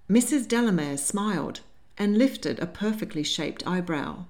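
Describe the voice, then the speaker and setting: Lively-toned woman reading a novel aloud. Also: lowish voice, a little slow. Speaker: audiobook narrator. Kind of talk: scripted narration.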